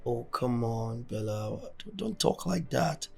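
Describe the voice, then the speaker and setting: An actor with a Nigerian accent playing a wealthy boss who is later paralyzed and pleads weakly for help. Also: male voice, medium pitch, expressive, creaky, a little mellow, full character voice. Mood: pleading. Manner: measured praise, then weak pleading. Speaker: company owner, later bedridden patient. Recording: film soundtrack with faint music.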